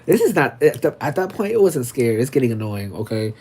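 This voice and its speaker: A livestream host telling a story in an animated, dramatic way, with sudden squeaky high exclamations. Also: male voice, quick pace, a little hiss or hum. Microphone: streaming setup.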